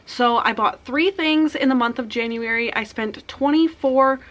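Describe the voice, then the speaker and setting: A young woman chatting casually about her month of reading, upbeat and quick, with a slightly tired morning voice. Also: a little high, fairly bright tone. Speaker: book vlogger. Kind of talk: casual chat.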